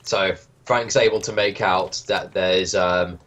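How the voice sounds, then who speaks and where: A young man running a tabletop game as game master, hesitant and filling pauses with ums while he describes scenes and rules. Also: low-pitched, steady tone, fairly bright tone.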